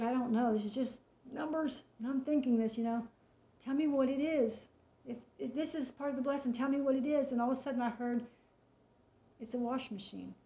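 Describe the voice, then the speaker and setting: A woman casually retelling a personal faith testimony, chatty and animated, acting out the dialogue as she goes. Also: high voice. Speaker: storyteller sharing a faith testimony. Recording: echoey room, dull lo-fi sound.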